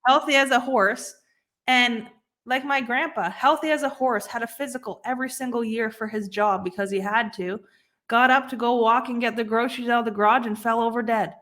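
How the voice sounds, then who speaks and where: A woman's voice: fairly high pitch, fairly even intonation, fairly quick, fairly bright tone. A young woman co-hosting a podcast, talking earnestly in casual chat, swearing freely and restarting her sentences often. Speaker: podcast co-host.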